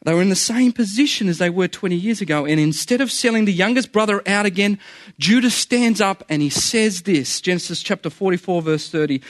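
A man's voice: high voice, fairly quick, no echo, clean studio sound. A man preaching a sermon in an earnest, conversational way, often repeating phrases for emphasis.

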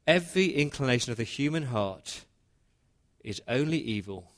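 A man's voice: medium pitch, lively intonation, moderate pace, natural voice. A man preaching as Noah, telling the flood story in the first person with earnest, conversational feeling. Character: Noah, humble earnest older man, male. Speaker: pastor. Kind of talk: dramatic first-person retelling in a sermon.

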